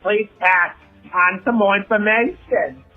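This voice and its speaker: A high, gushing male caller who walks a pig rambles through a voicemail, as a man puts him on. The sound is thin and tinny, like an answering machine on a phone line. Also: steady tone, unhurried, faint music behind. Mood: rambling.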